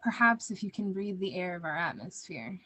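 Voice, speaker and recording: A woman's voice: lowish voice, expressive, normal speed, sharp tone, husky, no echo, voice pushed down, exaggerated voice. A woman improvising a sassy female alien visitor in a comedy skit, with a Jersey accent and a blunt, slangy manner.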